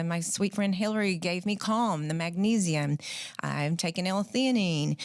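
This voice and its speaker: A woman in her fifties hosting a podcast, chatting casually and telling her story with animated restarts. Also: fairly low pitch, dry recording, studio quality. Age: 50s. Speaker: podcast host. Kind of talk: casual chat.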